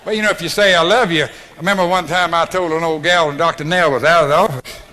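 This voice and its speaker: A man's voice: a little high, steady tone, fast talker, bright, forceful tone. A man giving an emphatic, blunt motivational lecture at an orientation, recorded in a large hall. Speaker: speaker at an orientation. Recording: archival hall recording with long reverb.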